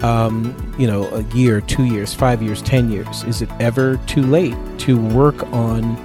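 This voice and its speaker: A man's voice: mid-range voice, fairly even intonation, measured pace, music in the background. A man hosting a health talk show, chatting casually and rambling, with many fillers.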